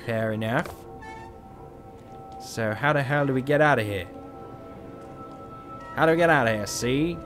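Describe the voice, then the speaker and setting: Tired, joking gamer. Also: male voice, medium pitch, unhurried, long pauses, over music. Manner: rambling, joking, talks to himself. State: tired, yawning. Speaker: gameplay commentator. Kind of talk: casual game commentary.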